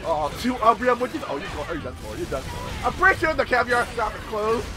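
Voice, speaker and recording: A young man giving casual, excitable commentary while playing a video game, swearing and repeating lines from the game. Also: very high voice, brisk, music in the background. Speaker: gameplay video host. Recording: loud game soundtrack behind.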